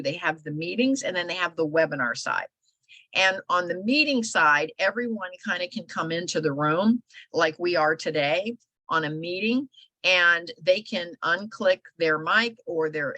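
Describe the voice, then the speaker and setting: A woman's voice: fairly low pitch, pushed and bright, no room sound. A middle-aged woman teaching casually on a video call, chatty and loose, with many fillers and restarts. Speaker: host presenting online event platforms.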